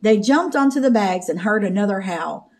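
A woman reading a children's picture book aloud in slow, clear narration. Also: medium pitch, expressive, darkish tone. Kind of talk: storybook read-aloud.

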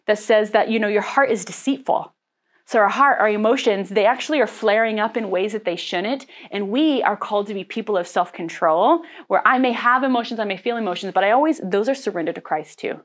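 A woman pastor giving a sermon in a candid, conversational way, with frequent fillers and laughs. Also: medium pitch.

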